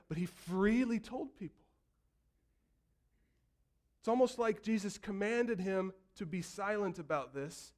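A man preaching a sermon, telling the story vividly and acting out voices, building from quiet to loud calls. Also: on the high side, expressive, a little slow, pauses often. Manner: storytelling preacher, acts out quotes and builds to shouts. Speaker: pastor.

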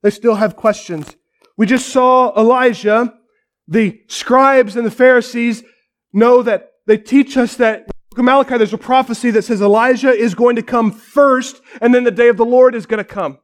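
Male pastor, sermon, lively dramatic storyteller, fairly high voice, uses quiet drops for emphasis. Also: moderate pace.

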